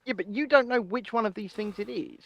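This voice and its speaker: A man co-hosting a casual chat show, explaining things in an animated way. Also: high voice, brisk, gravelly, dry recording, highs cut off. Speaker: co-host.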